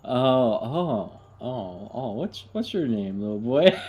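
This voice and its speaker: Slow, lively-voiced male player. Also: mid-range voice, lo-fi sound. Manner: laughing, stammering, playful. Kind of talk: casual tabletop play.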